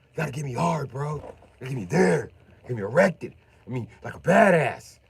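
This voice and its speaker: A man imitating a naive man who earnestly tries to sound tough, with loud, stiff tough-guy talk. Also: medium pitch, very animated, a little fast, creaky, slightly rough, no echo, voice pushed up, full character voice. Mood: bossy.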